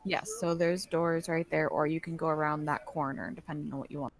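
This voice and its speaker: A woman's voice: sits low, steady tone, fairly quick, dry recording. A woman acting as game master, describing rooms and rules in a chatty way. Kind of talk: narrating a tabletop game online.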